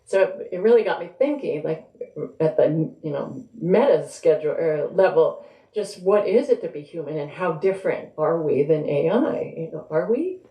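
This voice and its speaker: A woman's voice: deep voice, expressive, moderate pace, mellow. A woman author speaking conversationally and reading from her novel at a live bookstore event. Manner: conversational, thinking aloud. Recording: roomy echo.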